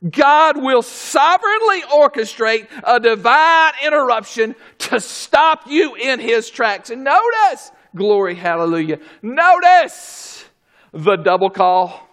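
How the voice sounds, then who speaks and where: A man preaching a sermon who swings between quiet asides and shouted exclamations, calling out praises as he goes. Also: very high voice, very animated, slow pace. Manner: calls out "glory, hallelujah".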